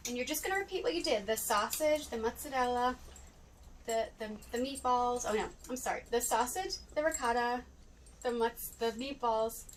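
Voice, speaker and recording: A woman's voice: a little high, recorded from a distance, a little hiss or hum, low-quality recording. A woman hosting a home cooking video, talking viewers step by step through a recipe in a casual, chatty way. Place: home kitchen.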